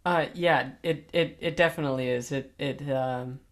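A man's voice: medium pitch, fairly even intonation, normal speed. Hesitant teenage boy hosting. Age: teens. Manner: hesitant, lots of fillers and restarts. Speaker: host. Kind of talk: casual interview chat.

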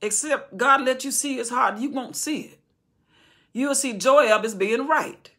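A woman preacher teaches scripture with fervent, conversational energy, circling back and repeating words as she builds her point. Her voice is bright and forceful, with a husky grain. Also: sits high, a little slow. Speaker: Bible teacher. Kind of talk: impassioned Bible study sermon.

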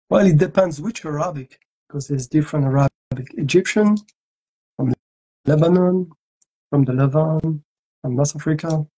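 A man's voice: a little high, unhurried, pauses often, warm tone, husky, poor audio. A man from Algeria, a voice actor chatting playfully with fans at a live autograph session and joking in several languages. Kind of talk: casual livestream chat.

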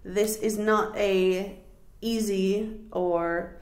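A woman's voice: mid-range voice, fairly even intonation, very slow, a little mellow, roomy sound. A woman hosting a podcast, chatting in a friendly way and laughing easily. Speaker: podcast host. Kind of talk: casual chat.

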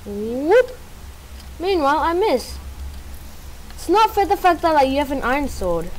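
Excitable gamer woman with lively pitch. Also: a little slow, a little hiss or hum, rough recording. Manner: excitable, bursts of loud exclamations between muttered asides. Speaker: gamer playing with a friend. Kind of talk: casual gameplay commentary.

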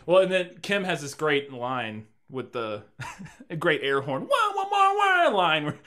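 A man's voice: a little high, expressive, measured pace, a bit bright. A man co-hosting a casual movie review podcast, rambling, swearing and laughing as he talks. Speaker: podcast co-host.

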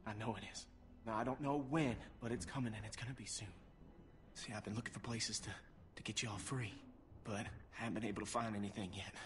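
A man voicing a worried young man on the run, talking in an urgent, hushed way. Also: lowish voice, lightly acted. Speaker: video game character.

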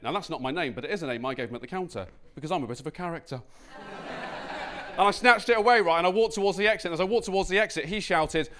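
A man's voice: fairly high pitch, racing, a bit bright. A British man performing an absurd stand-up monologue, awkward and building to manic outbursts. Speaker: stand-up comedian.

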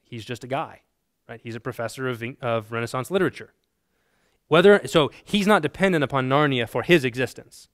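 A man's voice: medium pitch, animated, fairly quick, no echo, clean studio sound. A man teaching a classroom theology lesson in a conversational, emphatic way, checking in with his students.

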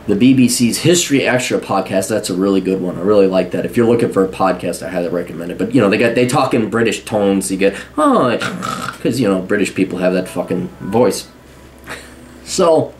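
A man's voice: lowish voice, a little hiss or hum. A man hosting his own show, ranting casually and sarcastically with lots of swearing. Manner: animated, sarcastic, swears freely. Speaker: host. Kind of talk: profane casual rant to camera.

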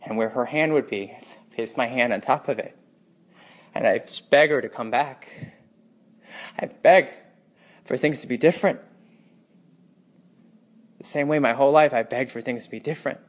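Guy pouring out a painful monologue, bitter, goes quiet then gets intense, mid pitch. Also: normal speed, long pauses. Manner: anguished and bitter, swinging between hushed and intense. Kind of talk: emotional personal monologue.

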